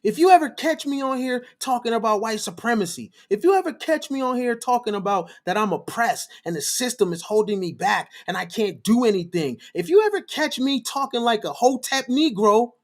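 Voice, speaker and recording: A man's voice: extremely high pitch, expressive, moderate pace. A man hosting a livestream, lecturing his viewers in a fiery, preachy monologue, repeating phrases for emphasis. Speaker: livestream host.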